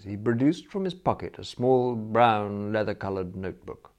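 A man narrating a comic novel as an audiobook, in a lively, mock-grand storytelling manner. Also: fairly low pitch, unhurried, few pauses.

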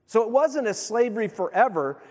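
A man preaching a sermon as pastor, in a lively, conversational way, acting out the voices of the people he quotes. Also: high-pitched, a little fast. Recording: long hall reverb.

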